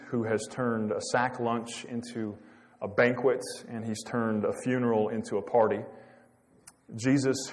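A man preaching a sermon, dramatic and full of rhetorical questions. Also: medium pitch. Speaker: pastor.

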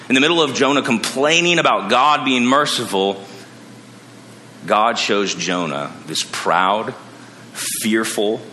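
A man preaching a sermon, animated, acting out the characters he quotes. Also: mid-range voice, a little hiss or hum. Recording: long reverb of a large hall.

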